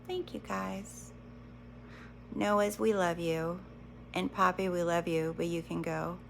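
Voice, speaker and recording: A woman hosting a live stream on spiritual growth, speaking calmly and directly to her viewers, often repeating phrases. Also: fairly low pitch, slow pace, creaky, slight background noise, low-quality recording. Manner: calm, reassuring, repeats herself, addresses viewers directly. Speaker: livestream host.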